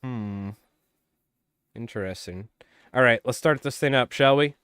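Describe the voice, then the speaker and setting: A man live-streaming, his voice wearing hoarse, calling a marble race play-by-play like a playful sportscaster. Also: mid-range voice, unhurried, fairly bright tone, no room sound, studio quality. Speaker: fly tying live streamer.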